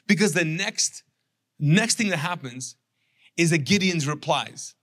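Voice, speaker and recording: A man preaching a conversational sermon, retelling a scripture story with animated, sarcastic acted quotes. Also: a little high, unhurried. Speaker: pastor.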